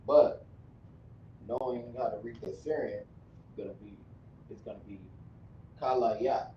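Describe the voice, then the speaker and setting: A man teaching script and pronunciation in a slow, repetitive lesson, often stopping to correct himself. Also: on the low side, a little hiss or hum. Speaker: language teacher. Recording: distant, dull, echoey room recording.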